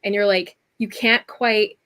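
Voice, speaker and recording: A woman's voice: mid-range voice, fairly even intonation, a little slow, a bit bright, smooth. A woman narrating a tabletop game as game master, chatty and full of fillers. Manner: chatty, many fillers and restarts.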